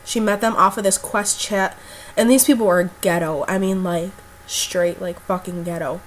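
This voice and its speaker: A woman's voice: lowish voice, fairly even intonation, normal speed, a little hiss or hum. Chatty, foul-mouthed young woman telling a story. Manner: chatty, blunt and profane, with lots of fillers. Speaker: vlogger. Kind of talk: casual storytelling to camera.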